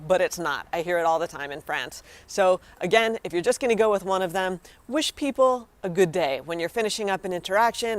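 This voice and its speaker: In this dry recording, a fairly low-pitched young adult woman from the United States chats casually with her audience. She's a vlogger giving a relaxed lesson on everyday French phrases, addressing viewers directly in a friendly, encouraging way.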